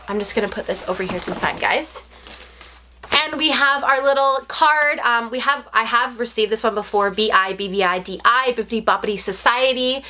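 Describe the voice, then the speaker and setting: Gushing young woman unboxing, high voice. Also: a little fast, pushed and bright. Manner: gushing, breathless and effusive. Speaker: unboxing vlogger. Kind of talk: excited unboxing vlog.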